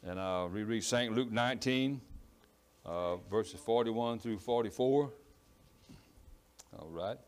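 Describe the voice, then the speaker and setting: Cajun male preacher, strong low voice, rambling and apologetic delivery. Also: slow pace, pauses often. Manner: rambling, self-apologetic, stumbles over words. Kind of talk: sermon. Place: church in East Texas.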